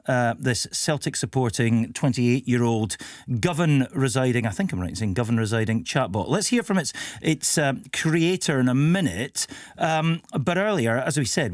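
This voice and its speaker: A man's voice: medium pitch, no room sound. Wry male radio presenter. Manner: wry, joking, reads listener messages aloud. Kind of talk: live radio chat.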